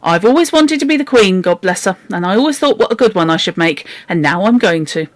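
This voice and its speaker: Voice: medium pitch, animated, a little fast, close to an everyday voice. A reader putting on a firm, undoubting cook. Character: firm self-assured woman cook.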